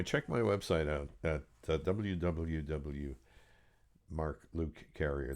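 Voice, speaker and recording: A man's voice: a bass voice, a little mellow. A man reading aloud from his own novel with a dry, wry delivery. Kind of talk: serialized book reading.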